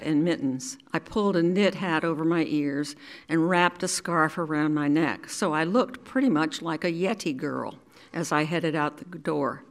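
An older woman from New York City reading her own memoir aloud in a measured, deliberate storytelling manner. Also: lowish voice. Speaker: resident reader.

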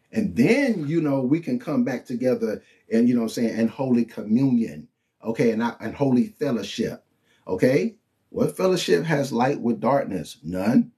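A man preaching and teaching from the Bible in an informal, colloquial way, often checking in with his listeners. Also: medium pitch. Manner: animated and colloquial, with frequent "you know what I'm saying" and "okay?".

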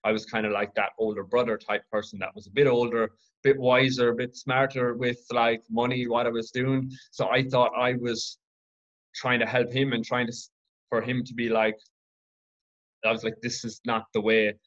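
A man from Ireland hosting his own podcast, telling a personal story in an earnest, reflective, halting way. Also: medium pitch, level tone, a bit bright, lo-fi sound. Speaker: podcast host.

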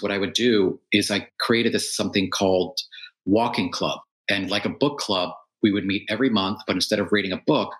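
A man's voice: fairly low pitch, vocal fry, fairly bright tone, rough recording. A man, a tour business owner, telling his story in a casual podcast interview and acting out what his friends said. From United States. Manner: earnest storytelling, acts out quoted friends.

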